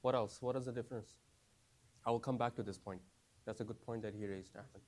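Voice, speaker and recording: A man teaches a class for new Muslims in a casual, conversational way, speaking a little fast. His voice is lowish and darkish with fairly even intonation, and he repeats phrases, asks the class many questions, and often says "right?" and "you understand?".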